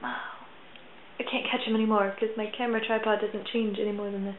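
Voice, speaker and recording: A woman's voice: medium pitch, little pitch movement, fast, a little hiss or hum. A young woman vlogging casually from her old bedroom, chatting and cooing at her cats, bubbly and easily distracted. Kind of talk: casual vlog chat. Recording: tinny, echoey phone-like sound.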